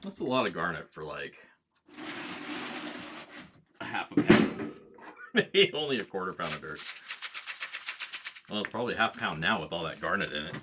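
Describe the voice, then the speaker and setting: A man's voice: deep voice, big pitch swings, moderate pace, pauses often. A man hosting a casual livestream, talking in a profane, self-mocking way and chuckling at his own jokes. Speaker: livestream host. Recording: dull lo-fi stream audio, faint noise.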